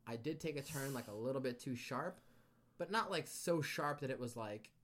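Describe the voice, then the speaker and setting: A man tells a story on a podcast in a loose, casual way. He swears freely and slips into other people's voices as he quotes them. His voice sits at an ordinary pitch for a man. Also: lively intonation, normal speed, fairly bright tone. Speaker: podcast guest.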